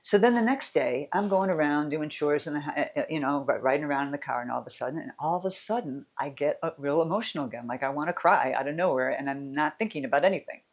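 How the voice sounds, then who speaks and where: A woman's voice: low-pitched, lively intonation, fast, few pauses. Middle-aged female coach, casual and candid, meandering personal talk. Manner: candid, rambling, with restarts and soft laughs. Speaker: mental fitness coach.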